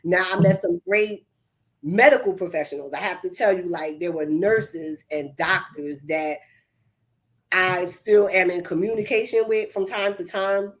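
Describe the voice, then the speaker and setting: A woman's voice: fairly low pitch, steady tone, a little slow. A woman on a podcast speaking in an earnest, encouraging way in casual chat. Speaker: podcast host.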